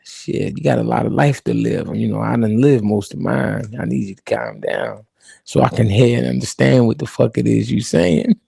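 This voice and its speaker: A man imitating a calm, well-connected older boss who talks slowly and lectures soothingly. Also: medium pitch, gravelly, husky, no room sound, clean studio sound, pitched below the performer's own voice. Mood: calm lecturing. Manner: slow, soothing, lecturing drawl.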